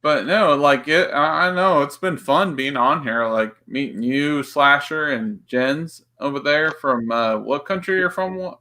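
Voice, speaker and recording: A man chatting casually on a stream, rambling and animated with lots of filler words. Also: on the high side, measured pace, few pauses. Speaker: guest on a stream. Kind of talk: casual chat.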